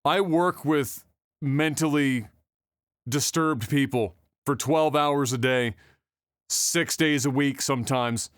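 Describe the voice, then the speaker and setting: A man's voice: mid-range voice, takes it slowly, dry recording. Rambling male podcast co-host, dry sound. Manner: rambling, loose, laughs easily. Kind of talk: casual podcast chat.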